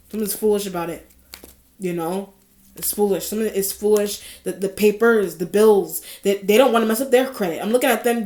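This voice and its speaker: A woman's voice: medium pitch, dark tone. A woman giving a casual tarot reading, rambling and repeating herself with frequent small laughs. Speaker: tarot reader. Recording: echoey room.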